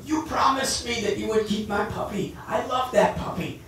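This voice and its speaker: An insistent young boy , as a man puts him on, pleads over his lost puppy. It sounds distant and echoey, as if from the back of a hall, with steady noise. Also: high-pitched, brisk, voice pushed up. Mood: pleading. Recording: echoey hall, far mic, noisy.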